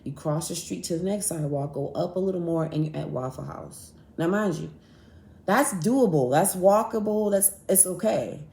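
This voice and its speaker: Animated, profane woman telling a story. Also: fairly low pitch, normal speed, vocal fry. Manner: animated, profane, acts out both sides of arguments. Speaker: podcast host. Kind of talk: casual storytelling monologue. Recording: echoey room.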